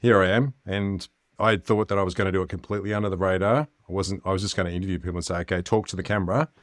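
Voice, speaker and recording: Male host, very low voice, talks fast, dry sound. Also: fairly even intonation, dry recording. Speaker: podcast host. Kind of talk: casual interview chat.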